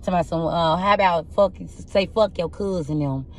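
A young woman with a rough, husky voice, doing a casual tarot reading and telling blunt, profane stories in an animated way. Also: fairly low pitch, normal speed, slight background noise. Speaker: tarot reader.

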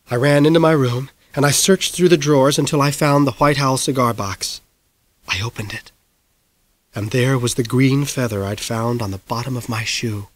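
A middle-aged man narrating an audiobook in the first person, measured, low and intimate. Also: no echo.

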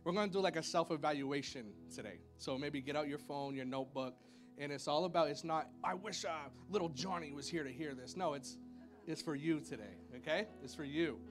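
A man's voice: brisk, music in the background. A man preaching a casual, playful sermon to a church congregation, chatty and full of "y'all" and "like", with a church sanctuary around him. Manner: chatty and playful, lots of "y'all" and "like", with high playful sound effects. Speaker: pastor.

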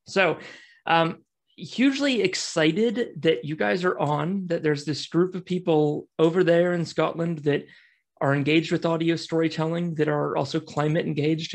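A man's voice: fairly high pitch, creaky. A man in his thirties with an American accent, giving a casual, enthusiastic talk as a guest speaker over a video call. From United States. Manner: chatty, self-deprecating, enthusiastic. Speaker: guest speaker, podcast network founder.

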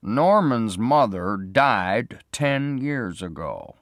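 A man doing a slow, measured small-town sheriff. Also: medium pitch, big pitch swings, no echo, studio quality, voice pushed up, heavily acted. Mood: explaining. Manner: measured, questioning. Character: small-town male sheriff, patient and steady.

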